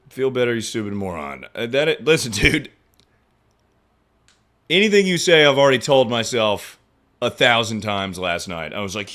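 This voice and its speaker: A young man streaming, chatting casually and profanely about his injury, mocking himself with sudden loud outbursts. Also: medium pitch, sing-song, normal speed. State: injured, in pain. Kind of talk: casual livestream chat.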